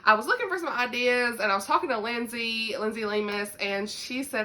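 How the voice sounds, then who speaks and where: A woman's voice: a little high, brisk, hardly any pauses, bright, forceful tone. A young woman with a Southern US accent chatting casually to camera about books, laughing often and saying "y'all.". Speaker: book vlogger.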